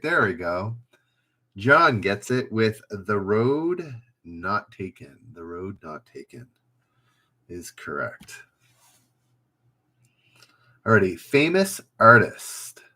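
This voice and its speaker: A man with a lowish voice and a sharp tone hosts a casual live trivia stream. He reads the questions aloud, calls out players by name, and chats easily while making fun of himself.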